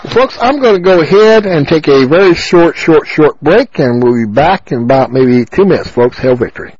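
Male talk radio host, high voice, slow insistent rant, dry muffled lo-fi sound. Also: lively intonation, a little mellow, breathy edge, no room sound. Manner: ranting, insistent, repeats phrases.

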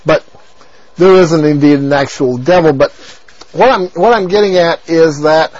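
A man's voice: fairly high pitch, normal speed, a little mellow, no echo. A man hosting a talk radio show, rambling on in a crude, abrasive monologue full of repeated filler phrases. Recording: dull lo-fi radio broadcast.

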